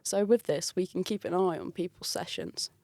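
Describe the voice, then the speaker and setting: Speaking at normal speed in a fairly low voice, with no room sound, a woman shares a work story over casual conversation. She is lively, laughs frequently and acts out what people said.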